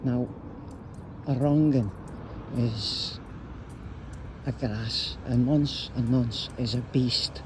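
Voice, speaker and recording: A man's voice: medium pitch, steady tone, very slow, long pauses. Blunt man ranting on the street. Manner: blunt, rambling, slangy. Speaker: YouTuber. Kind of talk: casual vlog rant while walking. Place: outdoors on a street. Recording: street noise with traffic.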